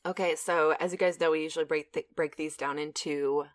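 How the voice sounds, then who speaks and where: A woman's voice: deep voice, steady tone, fairly quick, dry recording. A young woman co-hosting a podcast in casual chat, chatty with frequent fillers and laughs. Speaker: podcast co-host.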